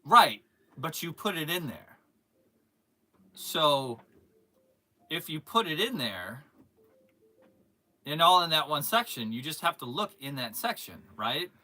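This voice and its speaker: Brief: animated male stream host, teasing and rambling, very bright, slightly high voice. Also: slow, pauses often. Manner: animated, jumps to sudden loud outbursts. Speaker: host of a live toy-selling stream. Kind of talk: casual live-stream chat.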